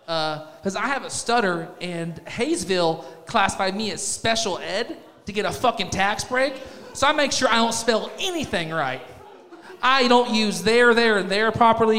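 Brief: male comic, 30s, high voice, crude and self-mocking stand-up, reverberant club hall. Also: fairly bright tone. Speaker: stand-up comedian. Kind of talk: profane stand-up set. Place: comedy club stage.

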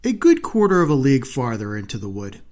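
A man's voice: medium pitch, wildly swooping pitch, fast, darkish tone. A man voicing a polite, trusting little girl.

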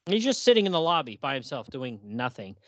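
A man's voice: mid-range voice, very animated, a little fast, a bit bright, no echo. A man co-hosting a podcast, chatting casually and animatedly with lots of fillers and laughter. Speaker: podcast co-host. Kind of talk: casual chat about comics.

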